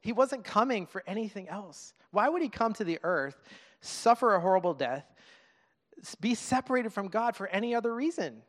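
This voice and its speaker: Brief: man in his thirties, church preacher, higher-pitched voice, earnest and chatty, long hall reverb. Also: lively intonation. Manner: earnest, conversational, halting with restarts and laughs. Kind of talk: sermon.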